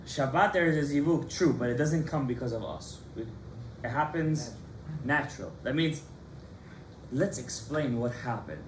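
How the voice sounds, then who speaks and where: A man, a rabbi, giving a lively Torah class to students in a study hall, animated and impassioned, calling on his students by name. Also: mid-range voice, normal speed, a little hiss or hum.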